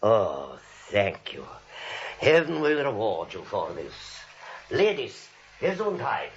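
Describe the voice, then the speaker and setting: In a muffled vintage radio play, a meek German doctor pleads in a deep, slow, drawn-out voice. His pitch swoops widely from low mutters to startled cries. He sounds nervous and eager to slip away. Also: wildly swooping pitch, slight background noise, heavily acted. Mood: timid pleading. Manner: timid, pleading.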